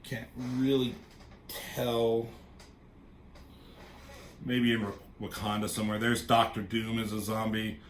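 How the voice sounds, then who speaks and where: A man casually recapping a comic book issue as a reviewer, rambling and tossing in quick offhand character voices. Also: fairly low pitch, level tone, slight background noise.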